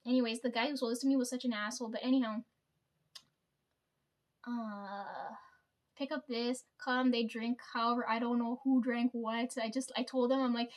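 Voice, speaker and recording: A young woman with a high voice chats to her camera at home in a casual vlog. Her throat is sore, and she tells her story with plenty of swearing and frequent laughter. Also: fairly even intonation, moderate pace. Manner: profane, laughs often, storytelling. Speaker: vlogger. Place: at home, sitting before camera.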